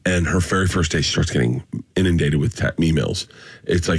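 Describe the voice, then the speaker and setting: Guy riffing and telling stories, kinda low voice, acts out quotes, dry close mic. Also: animated, quick pace, husky, no echo. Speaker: comedian guest. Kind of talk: casual storytelling chat.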